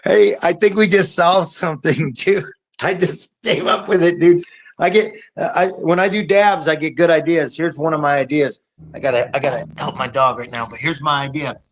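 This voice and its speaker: A man hosting a casual podcast chat, excitable and rambling, saying dude a lot. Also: fairly high pitch, moderate pace. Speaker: podcast host, comic book publisher. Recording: dull lo-fi audio.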